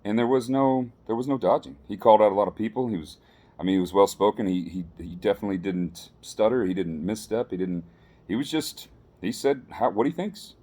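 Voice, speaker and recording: A man's voice: lowish voice, a little fast, warm tone. A man talking casually to his viewers, rambling and restarting often in an earnest, unpolished way. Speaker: vlogger sharing political opinions. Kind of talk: casual spoken commentary to camera.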